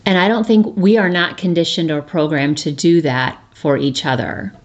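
A woman's voice: deep voice, steady tone, moderate pace, highs cut off. A woman in her thirties hosting a reflective solo talk, earnest and conversational, often restarting and tossing in a rhetorical "right?". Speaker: podcast host.

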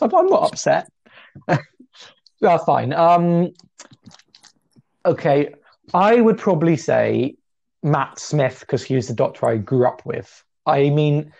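A young man co-hosts a podcast in a rambling casual chat, often steering the conversation back on track. His medium-pitched voice is husky and a little mellow, with vocal fry. The recording has a dull, lo-fi sound.

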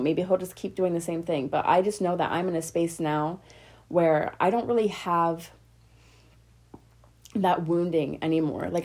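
A woman's voice: fairly low pitch, warm tone. A young woman talking to her viewers in a personal vlog, rambling and heartfelt, full of likes and okays, close to tears. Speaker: vlogger. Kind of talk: emotional personal vlog talk.

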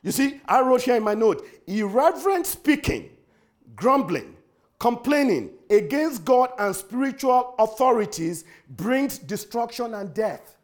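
A man preaching a sermon with emphatic repetition, swinging from loud exhortation to hushed pleading. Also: very high-pitched, very animated, measured pace. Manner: pleading, earnest. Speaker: pastor.

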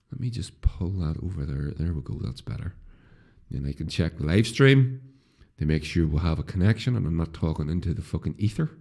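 A man's voice: low-pitched, creaky, dark tone. A middle-aged man with a Northern Irish accent, hosting a casual solo podcast, rambling with restarts and swearing freely. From Northern Ireland. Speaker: podcast host.

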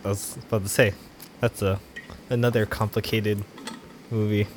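A man's voice: fairly low pitch, level tone, moderate pace, slight background noise. A man hosting a podcast in casual chat, laid-back and teasing, laughing often. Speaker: podcast host.

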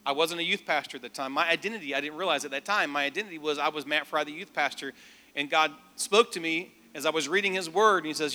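A man preaching a sermon, telling a personal story and leading declarations in an animated, emphatic way. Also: fairly high pitch, fast. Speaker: pastor. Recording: long hall reverb.

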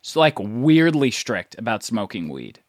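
A man's voice: medium pitch, sing-song, measured pace, no echo, studio quality. A young man, chatting casually and laughing as a podcast co-host. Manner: laid-back, laughing, slangy. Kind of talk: casual chat.

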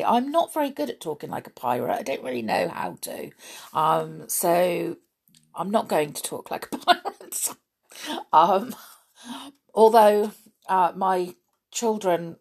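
A woman in her thirties hosting a show for children, speaking gently and slowly with many pauses and fillers. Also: fairly low pitch, gravelly, slightly rough. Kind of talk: casual chat to children.

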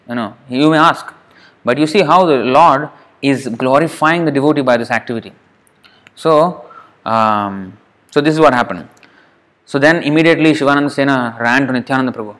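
A man delivers a conversational sermon at a temple, his mid-range voice a bit bright and fairly quick. Recounting a sacred story, he acts out the quoted lines and asks the listeners questions.

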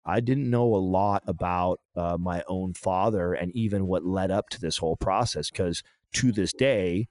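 A man talking through a painful personal story in a halting, emotional way, often restarting his sentences. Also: deep voice, a little mellow. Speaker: podcast guest.

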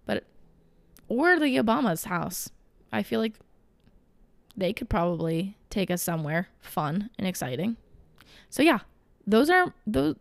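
A young woman talks straight to the camera in a loose, gushing ramble, full of fillers and quick self-corrections. Her voice sits at an ordinary middle pitch for a woman. The sound is dry and close, with no room echo. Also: gravelly. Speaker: vlogger. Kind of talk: casual chat to camera.

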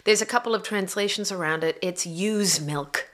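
A woman co-hosting a casual conversation, explaining with a soft voice that often drops to a near whisper. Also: mid-range voice, normal speed. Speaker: co-host.

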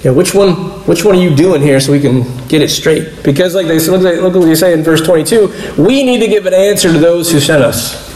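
A man's voice: a little high, a little fast, hardly any pauses, a little mellow, echoey room, low-quality recording. A man giving a casual, conversational sermon as a pastor, explaining scripture and acting out quoted dialogue along the way. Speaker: pastor teaching a Bible study.

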